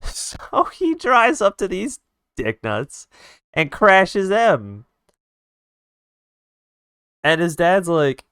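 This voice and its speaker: Male streamer, casual and profane storyteller, smooth voice, dry close mic. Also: fairly high pitch, takes it slowly, long pauses, no echo. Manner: animated, profane retelling with sound effects.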